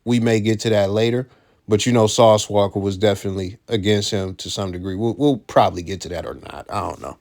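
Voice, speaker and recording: Blunt, profane man with a lowish voice. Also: fairly even intonation, fairly quick, darkish tone. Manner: blunt, profane, repeats key points. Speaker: commentator. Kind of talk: casual commentary.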